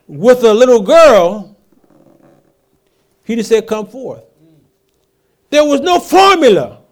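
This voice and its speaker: A male pastor preaching a sermon, throwing rhetorical questions at the congregation and swinging from hushed asides to loud emphatic lines. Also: high-pitched.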